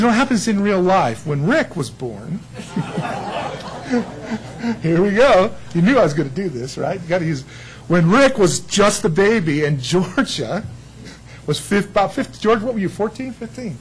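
A man's voice: high-pitched, sing-song, normal speed, pauses often, low-quality recording. A man preaching a sermon, telling stories with laughter and acted-out quotes. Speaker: pastor.

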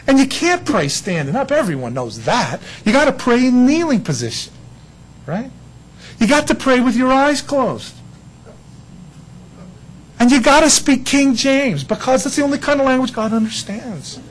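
Male pastor, sermon delivery, high lively voice with a husky edge, plays out quick dialogue bits. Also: low-quality recording. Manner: animated, acts out little dialogues with God.

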